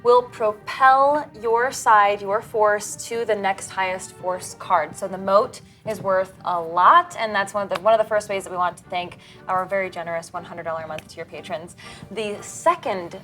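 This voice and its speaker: A woman's voice: mid-range voice, steady tone, moderate pace, fairly bright tone, faint music behind. A woman in casual show announcements, upbeat, laughing and stumbling now and then as she reads out supporter perks. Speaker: cast member reading announcements.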